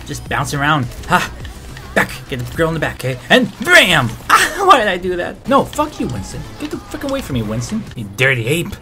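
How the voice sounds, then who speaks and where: A man giving excitable let's-play commentary, trash-talking and breaking into shouted outbursts. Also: on the high side, a little fast, over music. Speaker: gamer and video creator.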